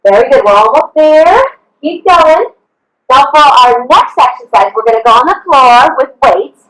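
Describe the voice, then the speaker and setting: A woman's voice: high-pitched, expressive, normal speed, fairly bright tone, roomy sound, poor audio. A woman fitness coach leading an online workout, upbeat and encouraging, counting reps and whooping, a little out of breath. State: slightly out of breath. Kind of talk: live online workout instruction.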